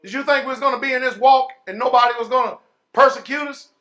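Keeping a steady tone, a pastor whose voice sits high for a man gives a sermon to his congregation. He moves from slow, drawn-out words to loud shouting and back down to a quiet low, his plain-spoken style peppered with "man" and "y'all."

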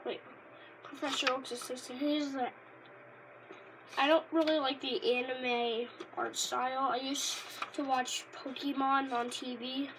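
A woman rambling casually in a vlog, easily delighted and bursting into loud exclamations. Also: high voice, flat delivery, a little slow, background noise. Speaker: Pokémon card reviewer. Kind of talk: casual unscripted vlog chat.

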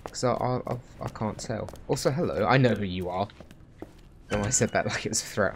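A man's voice: fairly low pitch, fairly quick, background noise. A man chatting casually over a game stream, swearing freely and talking to the characters on screen. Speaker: gaming streamer. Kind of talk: casual let's-play commentary.

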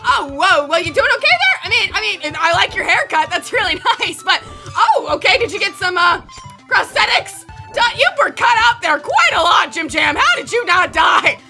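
A woman with a very high, bright voice narrates a game in let's play style, swinging wildly up and down in pitch. She breaks into excited shrieks and keeps up jokey running gags. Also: moderate pace, creaky, faint music behind. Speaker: gaming channel host.

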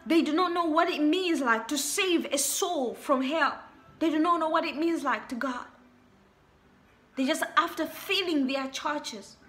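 Young woman preacher, very high and sharp voice, emphatic and repetitive delivery. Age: young adult. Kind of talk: sermon.

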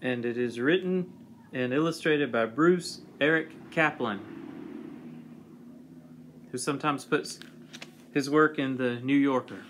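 A man reading a picture book aloud for children in a gentle, playful way. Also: mid-range voice, takes it slowly, long pauses, slight background noise. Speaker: storybook reader.

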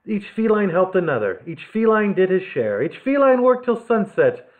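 A man hosting a children's library story time, reading picture books aloud with animated delivery and chatty asides. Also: sits high, moderate pace. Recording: lo-fi phone-like sound.

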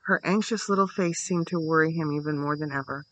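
A man reading a bedtime story aloud in a steady, measured way. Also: fairly high pitch, no echo, low-quality recording.

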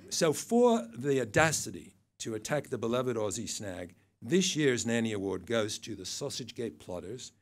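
A man's voice: mid-range voice, big pitch swings, moderate pace, hardly any pauses. An older man giving a satirical awards speech to an event audience, dry and mocking, with wry asides. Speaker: awards presenter.

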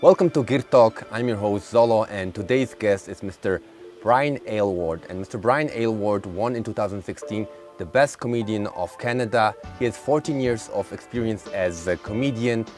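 A man from Mongolia, raised partly in Poland, hosting a talk show with deadpan teasing and halting fillers. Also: fairly low pitch, faint music behind.

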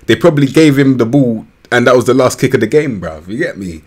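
A young man doing casual game commentary, slangy and rambling, with bursts of excitement. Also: medium pitch, a little fast. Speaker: gaming YouTuber. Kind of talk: casual commentary over a football management game.

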